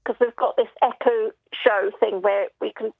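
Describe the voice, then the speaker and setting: A woman's voice: on the high side, fairly even intonation, normal speed, vocal fry, dry recording. A middle-aged woman with a Northeast English accent, calling in to tell a funny family story and laughing as she talks. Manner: chatty, laughs through her stories. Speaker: caller. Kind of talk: casual phone-in storytelling. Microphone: telephone. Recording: muffled phone line.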